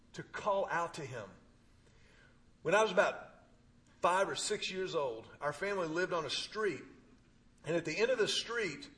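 A man's voice: a little high, fairly bright tone. Man preaching a story-filled sermon. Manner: storytelling with humor, emphatic pauses. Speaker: pastor.

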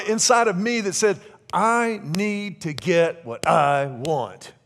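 A middle-aged man preaching a sermon to a congregation, animated and joking, drawing them in with questions. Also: high-pitched. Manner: animated, joking, asks the congregation to call out answers. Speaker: pastor.

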